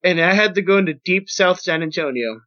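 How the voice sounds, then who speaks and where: A young man telling a rambling, profane, animated story on a podcast as its host. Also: high voice, a little fast. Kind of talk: casual storytelling. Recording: dull lo-fi podcast audio.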